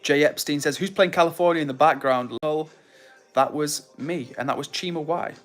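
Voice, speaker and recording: A man's voice: fairly high pitch, moderate pace, faint music behind. A young man hosting a livestream, casually reading viewer comments and greeting people by name in a friendly, upbeat way. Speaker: livestream host.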